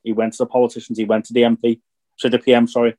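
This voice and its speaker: A young man from Northern Ireland co-hosting a casual podcast, talking in a reflective, halting way as he searches for his words. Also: mid-range voice, monotone, a little mellow. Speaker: podcast co-host.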